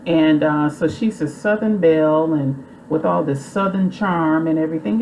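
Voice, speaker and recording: A woman with a low voice recaps a movie plot in a rambling, chatty way, loose and full of fillers. A faint hiss of noise sits under her voice. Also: moderate pace, darkish tone, rough recording. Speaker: movie reviewer.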